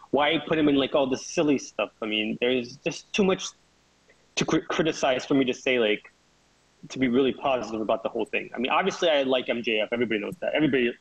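A man's voice: medium pitch, gravelly, husky, dry recording. A man talking wrestling on a podcast in casual chat, rambling and emphatic, sometimes laughing mid-sentence. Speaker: co-host wrestling pundit. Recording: dull lo-fi dry recording.

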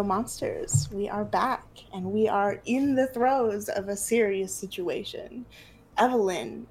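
A woman's voice: medium pitch, darkish tone, rough recording. A woman running a tabletop game as game master, narrating in a casual way with many fillers.

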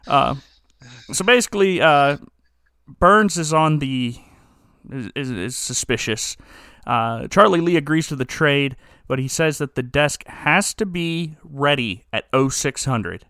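A man hosts a podcast and casually recaps an episode, rambling, joking, and restarting his sentences often to correct himself. His voice is slightly high, a little slow, pushed and bright yet smooth, in studio-quality sound with no echo.

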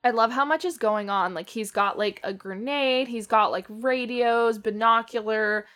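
A woman's voice: a little high, fairly bright tone. Joking young woman podcast co-host. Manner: joking, swearing, fast asides. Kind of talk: casual chat over a horror film.

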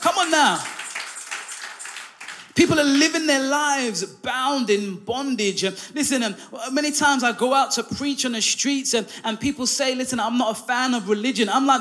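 A preacher with a high, light voice delivers a sermon. He mixes scripture with a funny personal story and keeps his listeners engaged with frequent calls of "come on now" and "amen". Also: normal speed, a bit bright. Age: adult, married.

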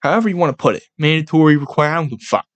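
A young man hosting a casual solo sports podcast, ranting in an animated, profane, rambling way. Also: a little high, rapid-fire, no room sound, lo-fi sound. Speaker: podcast host.

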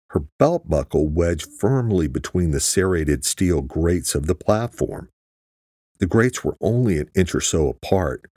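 A man narrating a thriller audiobook in a steady, husky voice. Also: low-pitched, dry recording, clean studio sound. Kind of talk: scripted narration.

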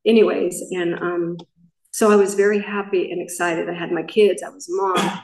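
A woman's voice: fairly low pitch, level tone, normal speed, darkish tone, far from the mic, a little hiss or hum. Middle-aged woman, main speaker at a recovery meeting; candid, rambling share with restarts; picked up from afar in a reverberant room. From Southern California. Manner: candid, rambling storytelling with self-corrections.

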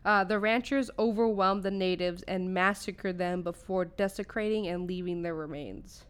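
A woman's voice: on the low side, normal speed, clear, resonant tone. A young woman from California co-hosting a podcast, casually telling a ghost story, swearing freely and tripping over names. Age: young adult. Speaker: podcast co-host.

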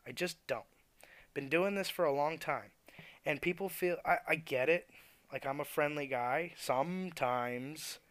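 A man's voice: mid-range voice, fairly bright tone, no room sound. Profane, ranting young man, dry close mic. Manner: profane, blunt, exasperated. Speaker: podcast host. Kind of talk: ranting monologue.

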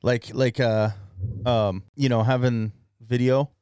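A man co-hosting a casual podcast, talking in a halting, rambling way full of fillers. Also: mid-range voice, fairly even intonation, a little mellow, clean tone, dry recording, studio quality. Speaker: podcast co-host. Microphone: studio mic.

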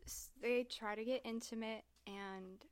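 A woman's voice: fairly high pitch, steady tone, unhurried, smooth. A woman recapping a book in casual podcast chat, talking loosely with lots of "like" and "um.". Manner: chatty, heavy use of "like" and "um". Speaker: podcast co-host discussing a book.

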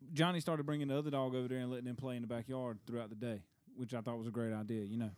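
A man's voice: medium pitch, darkish tone, no room sound. A man in casual chat, blunt and joking.

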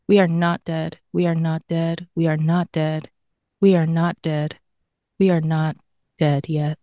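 Woman, low voice, mellow tone, podcast poetry reading, measured rhythmic delivery. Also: flat delivery, no echo, highs cut off. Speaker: podcast co-host. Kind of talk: reading a bio and a poem aloud.

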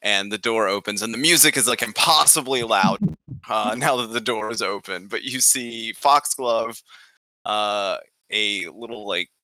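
A man's voice: on the low side, measured pace, sharp tone, no room sound. A man narrating a tabletop game as game master, hesitant with many fillers and frequent laughter.

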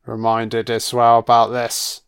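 Brief: a male film commentator, casual and profane, mid-pitched. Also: monotone, a little slow, smooth. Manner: blunt and profane, with frequent swearing.

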